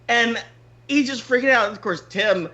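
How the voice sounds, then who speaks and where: A podcast host telling a story in casual chat, animated, swearing freely and laughing often. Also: male voice, very high voice, moderate pace, lo-fi sound.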